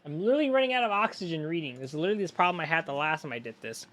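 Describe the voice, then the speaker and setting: A man's voice: on the high side, very animated, fast talker, sharp tone. A man streaming a game, tired and drowsy, reading the dialogue aloud and chatting loosely with viewers. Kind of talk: casual gaming stream chat.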